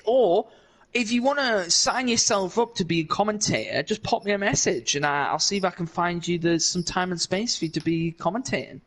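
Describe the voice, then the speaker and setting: A man's voice: high-pitched, expressive, moderate pace, fairly bright tone, poor audio. A young man casually chatting on a live stream while playing a racing game, rambling and answering viewers in chat. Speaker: racing league streamer and commentator.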